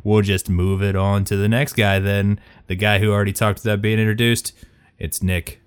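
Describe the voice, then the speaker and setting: Smooth-voiced joking podcast host. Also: male voice, on the low side, level tone, normal speed. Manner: joking, rambling, loose. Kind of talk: casual chat.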